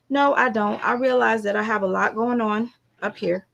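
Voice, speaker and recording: A woman's voice: on the high side, fairly even intonation, moderate pace, creaky, fairly bright tone. A young woman, chatting casually and emphatically on a livestream as an artist, with motivational asides.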